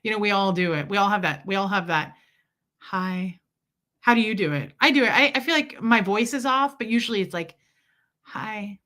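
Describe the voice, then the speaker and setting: Talking at a quick pace with hardly any pauses, a woman with a medium-pitched, slightly bright voice livestreams casually from home. She welcomes viewers and tells a rambling story, tossing asides to them and her pets.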